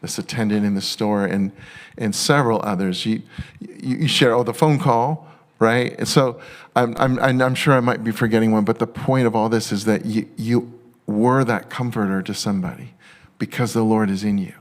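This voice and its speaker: A male pastor preaching a sermon, excitable and halting with many restarts, turning tender and emotional at times. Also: fairly low pitch.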